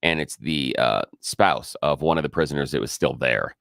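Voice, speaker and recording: A man co-hosting a talk radio show, chatty and quick with agreeing interjections. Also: rumbling low, vocal fry, fairly bright tone, no echo, clean studio sound. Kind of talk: casual talk radio banter. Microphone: studio microphone.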